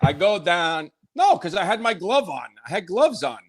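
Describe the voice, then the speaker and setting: A man's voice: high voice, sing-song, moderate pace, noisy background. A middle-aged man from Brooklyn, New York, laughing at himself as he tells a story among friends. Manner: laughing, self-mocking storyteller.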